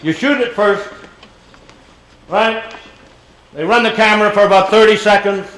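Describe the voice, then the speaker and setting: A man's voice: high-pitched, normal speed, a bit bright, low-quality recording. An older man speaking as a guest at a question-and-answer session, rambling and playful with theatrical touches. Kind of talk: Q&A talk to an audience. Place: auditorium.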